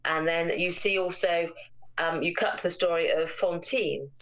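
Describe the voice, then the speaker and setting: A woman's voice: fairly low pitch, steady tone, moderate pace, fairly bright tone, lo-fi sound. A woman co-hosting a casual chat podcast, retelling a story at length. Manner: chatty, retells plots at length. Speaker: podcast co-host. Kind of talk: casual chat, film review.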